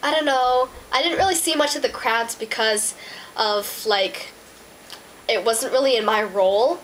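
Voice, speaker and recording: A woman's voice: a little high, a little slow, a bit bright, slight background noise, rough recording. A woman voicing a mild male plush toy in a playful homemade role-play interview, with a hesitant, rambling way of answering.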